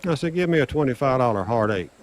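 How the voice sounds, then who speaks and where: Older man spinning an animated casino yarn. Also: fast talker, slight background noise. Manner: animated, acts out dialogue with raised pitch. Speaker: guest storyteller on craps livestream. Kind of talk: casual storytelling chat.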